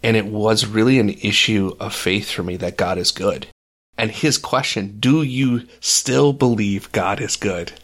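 Speaking with a fairly low, fairly bright voice, a male faith podcast co-host recounts a personal story with sincerity and voices the other people in it. The conversation is a relaxed discussion of faith.

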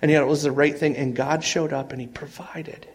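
A man's voice: fairly high pitch, steady tone, a little fast. Earnest man preaching a sermon. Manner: earnest storytelling with frequent restarts and swings in loudness. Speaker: pastor. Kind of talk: conversational sermon.

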